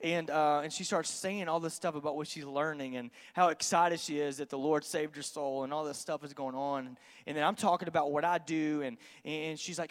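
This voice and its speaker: A man, a pastor telling an animated, joking story to his congregation during a sermon. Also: fairly high pitch, a little fast, few pauses, big-room sound. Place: church sanctuary.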